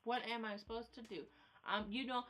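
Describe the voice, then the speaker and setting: A woman's voice: a little high, fairly even intonation, fairly quick, fairly bright tone. A young woman ranting in a casual vlog, exasperated and repetitive, filler-heavy, recorded on a phone camera at home. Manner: exasperated ranting, repeats herself, many "like"s. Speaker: vlogger.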